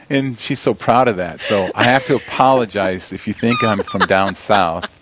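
At normal speed and in a voice on the low side, a South Dakota man serving as a deacon and abbey representative talks in a relaxed radio studio interview. Background noise is present, he wears headphones at a studio mic, and his rambling talk keeps restarting.

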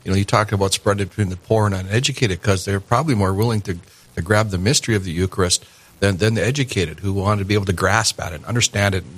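A man with a low, husky voice joins the conversation. He speaks fast and earnestly, repeating words as he gathers his thought. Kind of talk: conversational faith discussion.

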